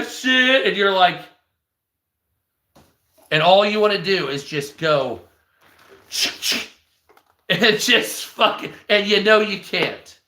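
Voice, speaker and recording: Guy ranting on his live stream, swears a lot, kinda high bright voice, echoey room. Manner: profane, rambling, mocking. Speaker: live stream news host.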